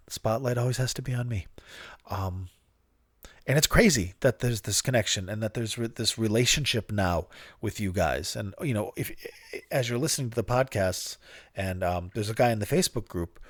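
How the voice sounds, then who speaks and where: A man's voice: on the low side, no room sound. A man hosting his own podcast in a rambling, profane, self-mocking way, laughing often and fighting a dry cough. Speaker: podcast host. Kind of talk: casual solo podcast talk. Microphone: studio podcast mic.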